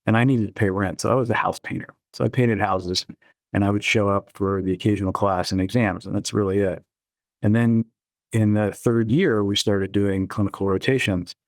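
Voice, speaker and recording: Middle-aged guy, low voice, laid-back storytelling, dry close sound. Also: normal speed, no echo. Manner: relaxed anecdotal storytelling. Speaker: guest, chief innovation officer. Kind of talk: storytelling interview answers.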